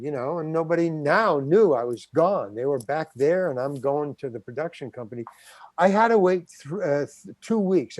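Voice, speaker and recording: An older man tells a story as an interview guest, slightly high-pitched and close to a dry mic. He stammers, restarts and performs the other people's voices as he goes. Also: no room sound. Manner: animated, acts out quoted voices, stammers and restarts. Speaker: guest actor.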